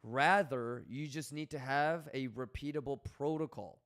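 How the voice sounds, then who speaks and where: A man's voice: mid-range voice, measured pace, a bit bright. A man hosting a livestream, talking casually and bluntly to his chat, swearing often and coaching viewers. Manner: blunt, profane, coaching tone, reads chat aloud. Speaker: livestream host.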